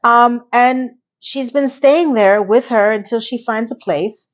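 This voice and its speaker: A woman's voice: fairly high pitch, slow pace. Sarcastic woman reviewing TV, lo-fi. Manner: animated, sarcastic, swings between loud and soft. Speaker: TV review vlogger. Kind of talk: casual chatty review.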